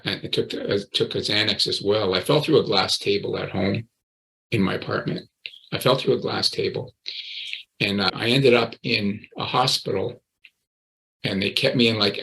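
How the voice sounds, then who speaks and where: Gravelly, forceful man in his sixties. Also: on the low side, low-quality recording. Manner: earnest, repeats words and phrases. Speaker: guest, recovery coach. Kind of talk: personal storytelling interview.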